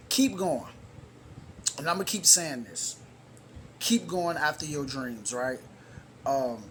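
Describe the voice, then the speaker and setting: A man's voice: on the high side, a bit bright, slight background noise. A man hosting his own show, giving a casual motivational talk to camera. He is emphatic and repetitive, uses informal slang and calls his listeners brothers and sisters. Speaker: motivational speaker and show host.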